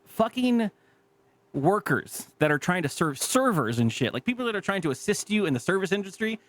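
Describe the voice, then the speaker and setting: A man on a podcast telling a story in casual chat, animated and profane, acting out the people in it. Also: high voice, a little fast. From California. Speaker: podcast co-host.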